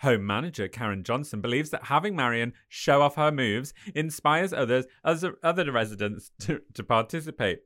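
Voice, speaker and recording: A woman's voice: a bass voice, expressive, moderate pace, few pauses, a bit bright. An English woman co-hosting a podcast, reading news stories aloud with giggly asides. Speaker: podcast co-host.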